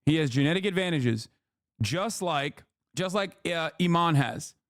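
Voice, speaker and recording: Streamer, male, high voice, dry close mic, heated profane rant. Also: animated, unhurried, no room sound. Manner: profane, exasperated, repeats himself. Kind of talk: livestream commentary rant.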